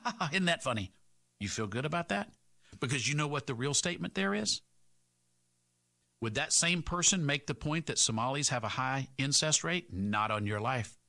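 Bright-voiced talk radio host. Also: male voice, mid-range voice. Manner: impassioned, sarcastic, rhetorical questions.

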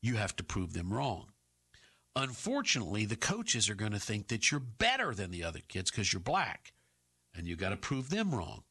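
A man's voice: on the low side, huge pitch swings, moderate pace, bright, forceful tone, slightly rough. A middle-aged man hosting talk radio, firing off combative rhetorical questions in an opinionated monologue.

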